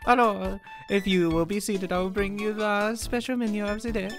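A man's voice: high voice, fairly even intonation, normal speed, over music, voice pushed up. A man voicing a flamboyant male French restaurant owner in a put-on mock French accent, gushing and theatrical. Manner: theatrical, gushing, sing-song.

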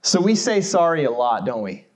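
Conversational American pastor preaching. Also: male voice, fairly high pitch, sing-song, normal speed. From United States. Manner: conversational, self-deprecating humor with rhetorical questions to the congregation. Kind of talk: sermon. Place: church.

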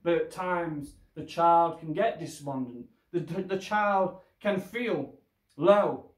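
A man preaching a sermon as pastor, slow and deliberate, pressing his listeners with rhetorical questions. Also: a little high, reverberant.

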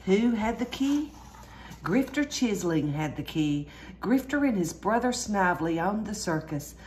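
A woman reading a children's storybook aloud in a lively way, jumping higher for the characters' cries. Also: a little slow, slight background noise. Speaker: storyteller reading a picture book.

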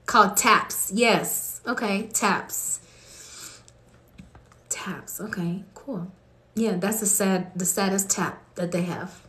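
Speaking slowly in a mid-range voice with a sharp tone, a Colorado woman hosts a livestream of prayer and relaxed conversation. She often laughs and reads comments from viewers aloud, and the sound has a roomy echo.

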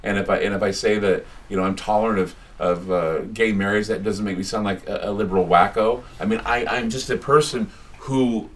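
A man with a very low voice tells stories in a loose, rambling way and keeps restarting his thoughts. He is caught by a room mic in a small bookstore, so he sounds distant. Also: steady tone, a little fast, few pauses, fairly bright tone. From United States. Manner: rambling, chatty storyteller with many restarts. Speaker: radio host giving a talk. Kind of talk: casual public talk with anecdotes.

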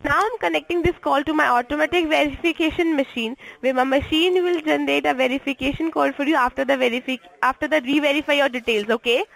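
A woman on a phone call reading a scripted offer, fast and repetitive, insisting the caller agree. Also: high-pitched, steady tone, creaky, a bit bright. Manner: reads a script fast, repeats lines insistently. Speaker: phone scammer. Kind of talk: scripted phone sales pitch.

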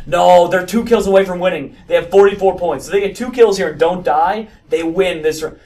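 Guy with a higher voice yelling and stammering over a game, kinda far from the mic. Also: brisk, a little hiss or hum. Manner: animated, stammering restarts, frequent exclamations. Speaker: gaming video host. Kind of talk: excited gameplay commentary.

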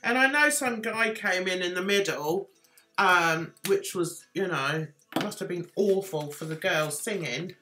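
A woman's voice: fairly low pitch, a little slow, pushed and bright, faint music behind. A woman hosting a casual live stream, rambling and self-deprecating as she chats with viewers. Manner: chatty, rambling, self-deprecating, reads chat aloud. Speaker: livestream host.

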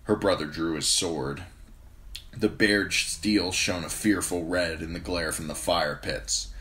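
Low-voiced male hobby reader, steady fantasy narration. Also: a little slow. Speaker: amateur audiobook reader. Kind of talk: reading a fantasy novel aloud.

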